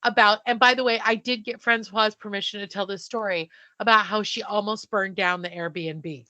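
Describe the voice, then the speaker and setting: A woman co-hosting a podcast, telling a story in a casual, animated way and acting out the dialogue. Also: medium pitch, normal speed, dry recording, dull audio. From not from the South. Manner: animated, breathless retelling with quoted dialogue. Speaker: podcast co-host.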